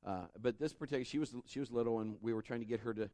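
A man's voice: fairly low pitch, racing, dry recording. A middle-aged man preaching a sermon, telling a family story and acting out the voices in it. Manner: animated, acts out voices in his stories.

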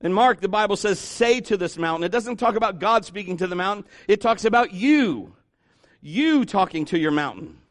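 A middle-aged pastor preaching a sermon, telling stories with animated energy and putting on the voices of the people in them. His voice sits high and swings widely in pitch. The sound is dry and close. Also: moderate pace, dry recording. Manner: animated storytelling, acting out voices and cries.

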